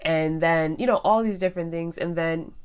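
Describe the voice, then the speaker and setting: Low-voiced woman telling a chatty story. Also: moderate pace, clean tone. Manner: chatty, animated, addresses viewers directly. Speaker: vlogger. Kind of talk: casual storytelling.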